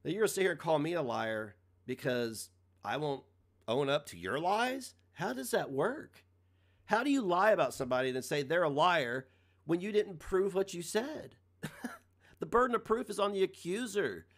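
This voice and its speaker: A man's voice: a little high, sing-song, normal speed, a bit bright. A man ranting casually on a live stream, mocking and swearing, laughing often at his own jokes.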